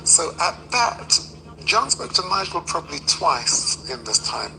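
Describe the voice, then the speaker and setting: A man's voice: on the high side, measured pace, vocal fry. A man, a boxer's father, telling an anecdote and acting out the quotes. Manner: animated storyteller, acts out quotes. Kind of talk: casual anecdote. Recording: noisy background.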